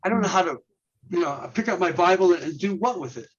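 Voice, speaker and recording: A man with a fairly high voice, speaking as a guest on a ministry podcast. He walks through his points step by step, stacks up rhetorical questions and trips over repeated words. The audio is dull and lo-fi. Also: lively intonation, fast talker. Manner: earnest, lists steps and rhetorical questions, repeats and restarts words. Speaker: guest, men's ministry leader. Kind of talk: instructional interview talk.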